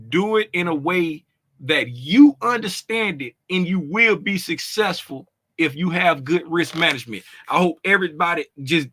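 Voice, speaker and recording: A man with a high, very bright and cutting voice runs a casual livestream, calling out chat names one after another. He talks loud and animated, slangy and conversational, laughing often. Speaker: trading livestream host.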